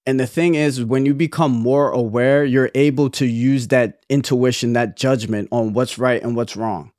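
A man's voice: medium pitch, fairly even intonation, normal speed, a little mellow, no echo, clean studio sound. Rambling earnest young man. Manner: rambling, earnest, many restarts. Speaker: podcast co-host. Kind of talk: casual chat.

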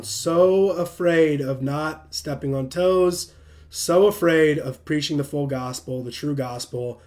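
A man's voice: a little high, a little mellow. A young man hosting a livestream, preaching in a casual, emphatic rant and often breaking into self-mocking laughter. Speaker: livestream host.

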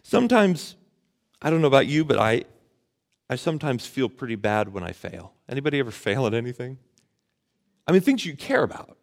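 A man's voice: mid-range voice, big pitch swings, brisk, vocal fry, pauses often. A man preaching a sermon in a conversational way, asking the audience questions and retelling a story with casual slang. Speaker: pastor.

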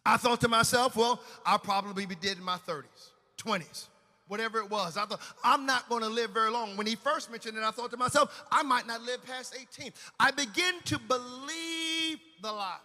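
A man preaching a sermon, telling a personal testimony with emotional storytelling that swings between loud and hushed. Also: extremely high pitch, normal speed, in a large hall.

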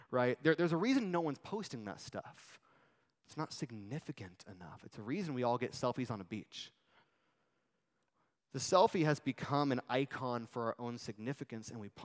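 A man preaching a sermon in an everyday, chatty way, swinging between lively asides and quiet, drawn-out quotations. His voice sits at a middling pitch. A long reverb hangs in the hall around him. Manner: conversational preaching, animated asides and dramatic quotes. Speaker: pastor.

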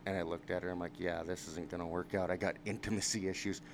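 Man, very low voice, foul-mouthed storyteller, noisy recording. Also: fast talker. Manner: profane, animated anecdote with quoted dialogue. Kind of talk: casual storytelling. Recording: noticeable background noise.

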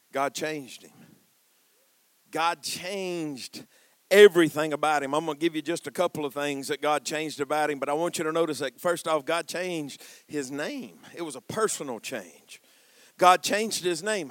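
A man preaching a sermon, swinging from quiet asides to shouted passages and calling out to the congregation. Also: fairly high pitch, fairly quick, no room sound. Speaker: pastor.

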